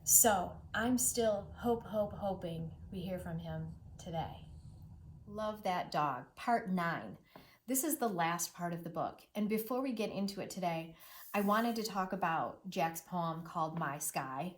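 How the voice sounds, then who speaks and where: A middle-aged woman teacher reading a children's novel aloud as a lesson. She talks expressively, repeats words in rhythm and drops to a hushed near-whisper at sad moments. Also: on the low side, animated, unhurried.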